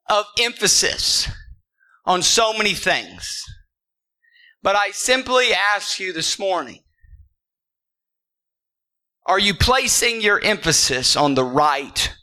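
A pastor preaching a sermon to his church. He speaks emphatically, rising to shouts and then dropping low, and often repeats words as he starts a thought. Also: low-quality recording. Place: church service with congregation.

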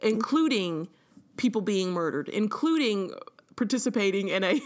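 A woman co-hosting a casual book podcast, her voice sitting at a comfortable middle pitch. She chats loosely, fills her sentences with "like" and laughs easily as she goes. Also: lively intonation, normal speed. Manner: chatty, lots of "like", laughs often. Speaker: podcast co-host. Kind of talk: casual book-club chat.

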